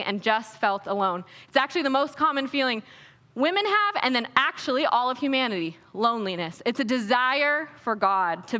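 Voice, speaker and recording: With a high voice, a young woman gives an inspirational Christian talk at a conference, sounding energetic, playful and earnest. She's on a stage microphone in a hall that echoes with long reverb.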